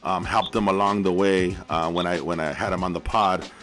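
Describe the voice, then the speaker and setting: A man hosting a podcast interview, asking questions in a halting, informal way with frequent restarts and swearing. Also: low voice, steady tone, a bit bright, faint music behind. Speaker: podcast host.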